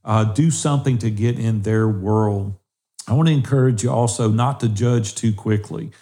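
Male podcast co-host, low and dark tone, earnest and exhorting. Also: moderate pace. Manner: earnest, exhorting listeners directly. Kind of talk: encouraging podcast talk.

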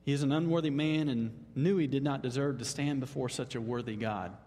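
A man pastor preaching a Sunday sermon in an animated, emphatic way. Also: brisk. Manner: animated, emphatic, leaps up in pitch on exclamations. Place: church sanctuary. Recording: long hall reverb.

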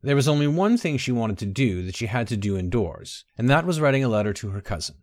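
A man narrating a story, reading in a measured, expressive way. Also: mid-range voice, no room sound, clean studio sound.

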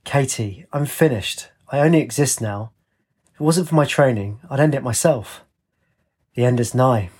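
A man reads as a tired, hollow young man in a storybook, his husky voice slow and heavy. The lilt stays plain and unforced. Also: medium pitch, a little mellow, natural voice. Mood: weary. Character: weary young man, drained and flat.

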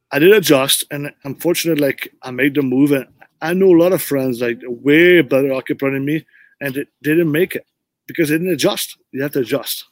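A man's voice: on the high side, no echo. Rambling middle-aged man telling a story. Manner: rambling, restarts often, tells stories with quoted dialogue. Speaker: podcast guest, former pro hockey player. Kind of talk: casual interview storytelling.

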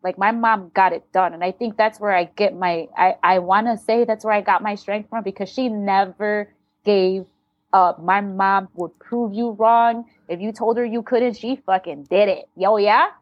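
A woman's voice: medium pitch, fairly even intonation, normal speed, no room sound, highs cut off. Blunt, candid woman telling a story. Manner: blunt and profane, emotional, re-enacts dialogue. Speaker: interview guest.

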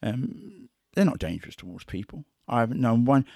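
Gravelly-voiced man telling animal stories. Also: medium pitch, moderate pace, dry recording, clean studio sound. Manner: animated, acts out quotes and sounds. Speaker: big cat investigator. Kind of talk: conversational storytelling.

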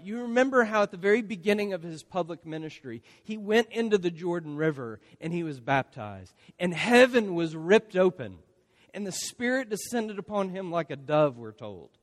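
A man's voice: high voice, big-room sound. A man preaching a sermon in a conversational way, often checking in with his listeners by asking "right?". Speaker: pastor.

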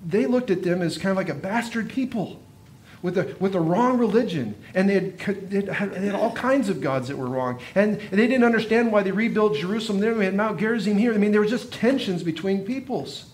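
A male pastor preaching a sermon in an earnest way, often repeating phrases and dropping his voice for quiet emphasis. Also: high voice, expressive, brisk.

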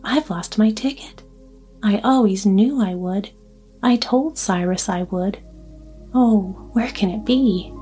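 Fretful, talkative old grandmother in a storybook, read by a woman; mellow, gentle delivery over faint music. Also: mid-range voice, takes it slowly, husky. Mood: distressed. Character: chatty, nervous old grandmother on a train. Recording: soft music underneath.

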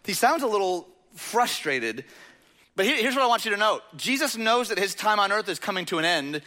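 A pastor preaches a conversational sermon in a reverberant hall, posing rhetorical questions to the audience and saying "like" often. His voice sits high and sing-song, a little fast, with a pushed, bright quality.

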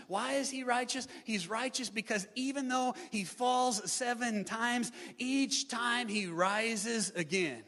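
A male pastor giving a live sermon, building to shouted emphasis with repeated refrains. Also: very high-pitched, slow, hardly any pauses. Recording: live sermon in reverberant hall.

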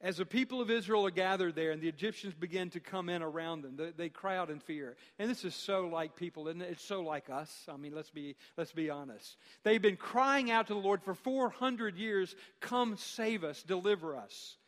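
A man preaching a sermon as pastor, speaking emphatically with dramatic pauses and rhetorical questions. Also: high-pitched, a bit bright, long reverb tail.

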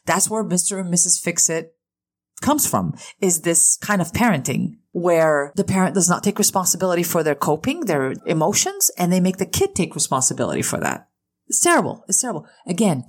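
A woman in her thirties hosting a parenting talk, earnest and emphatic, with lively swings between high and low. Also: fairly quick. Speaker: parenting podcast host. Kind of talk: casual educational talk.

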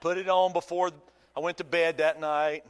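A man preaching a sermon as pastor, folksy and animated, with humor and rhetorical questions to the congregation. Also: a little high, moderate pace, in a large hall, a little hiss or hum.

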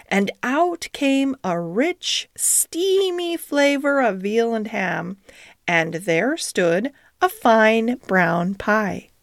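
A woman narrating a children's storybook in a gentle, expressive reading. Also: mid-range voice, no room sound, studio quality.

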